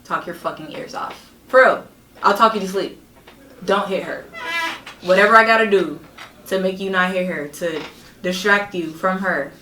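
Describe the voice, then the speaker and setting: A young woman telling a story as a podcast guest, animated, emphatic and profane. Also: medium pitch, normal speed, pauses often, a little hiss or hum. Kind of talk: casual storytelling. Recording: roomy echo, distant mic.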